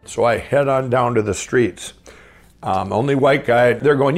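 Casting: middle-aged man, gravelly, mid pitch, rambling storyteller voice. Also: normal speed, soft background music. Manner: rambling, animated, many fillers and restarts. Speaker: guest telling his life story. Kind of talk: casual storytelling.

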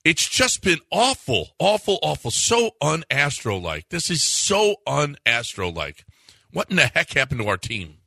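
A man's voice: wildly swooping pitch, measured pace, vocal fry, pushed and bright, dry recording. A man co-hosting a sports talk radio show, ranting in exasperation with his voice jumping up when he gets worked up. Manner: exasperated, rants with rising pitch.

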